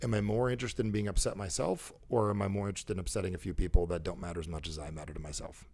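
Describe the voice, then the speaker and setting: A man's voice: low-pitched, steady tone, very fast, darkish tone. A man coaching a caller live, emphatic and repetitive, acting out the dialogue he quotes. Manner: emphatic, repeats phrases, acts out quoted dialogue. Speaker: coach and show host.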